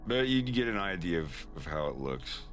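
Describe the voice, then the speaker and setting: A man's voice: low voice, sing-song, normal speed, fairly bright tone, soft background music. A man casually explaining his animation on a stream, rambling with frequent restarts. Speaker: animator showing his work.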